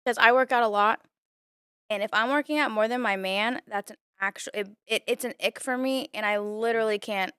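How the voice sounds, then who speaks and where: A woman's voice: a little high, fairly quick, bright, forceful tone, smooth, dry recording, clean studio sound. A young woman chatting casually on a podcast as a guest, earnest and talkative, saying "like" often. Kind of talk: casual chat.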